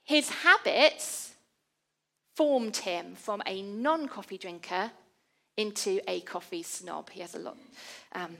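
A woman's voice: medium pitch, slow pace, creaky, bright, forceful tone. A woman giving a conversational, self-deprecating sermon. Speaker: preacher.

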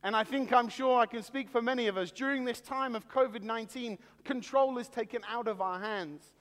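A male pastor delivering a sermon to people watching, earnest and deliberate with slow dramatic pauses. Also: extremely high pitch, fairly bright tone. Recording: long hall reverb.

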